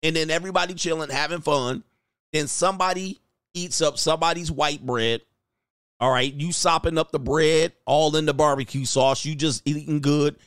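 A man's voice: a little high, fairly bright tone, no room sound. Joking man, dry close mic. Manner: joking, laughing, slangy street talk. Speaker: commentary video host. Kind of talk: casual reaction commentary. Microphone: headphones.

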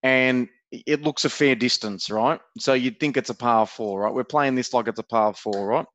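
A man's voice: mid-range voice, moderate pace, a bit bright, dry recording. A man with an Australian accent co-hosting a podcast, telling a teasing, profane story in casual banter. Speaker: podcast co-host.

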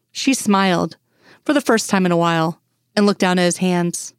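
A woman's voice: fairly low pitch, moderate pace, clean tone, no echo. Woman reading a story in a dry voice. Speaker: audiobook reader. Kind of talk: fan fiction reading.

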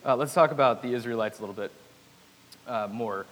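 A man preaching a sermon in a relaxed, chatty way, with self-deprecating asides and humor. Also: mid-range voice, fairly quick. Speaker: pastor. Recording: hall reverb with faint hiss.

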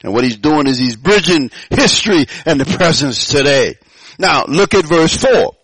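A man preaching a sermon to his congregation, emphatic, dropping to low murmurs and rising to shouted declarations, asking the room call-and-response questions. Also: animated, normal speed, husky, no echo, poor audio. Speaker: pastor.

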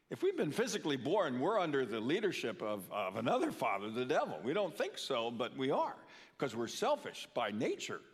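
A man's voice: fairly high pitch, fairly bright tone. An older man preaching a sermon in a church, earnest, often repeating words for emphasis. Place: church sanctuary. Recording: long reverb of a church hall.

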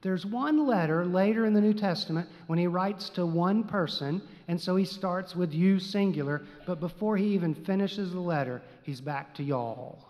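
A man's voice: sits high, moderate pace, hardly any pauses, a little mellow. A middle-aged man from Texas, a preacher telling a humorous story in a sermon in a wry, playful way with dry asides. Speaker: preacher and seminary teacher. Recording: long reverb of a large hall.

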